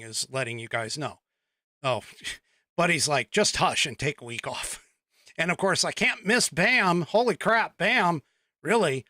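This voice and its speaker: A man's voice: fairly high pitch, pushed and bright, no room sound. A man hosting a political podcast, rambling through news in casual live-stream talk, reading the chat aloud and chuckling often.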